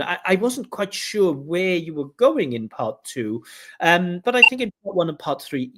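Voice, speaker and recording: A man working as a speaking test examiner, giving a candidate direct, explanatory feedback on his scores. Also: mid-range voice. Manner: direct, explanatory, mimics flat intonation with "duh duh". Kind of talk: giving spoken exam feedback.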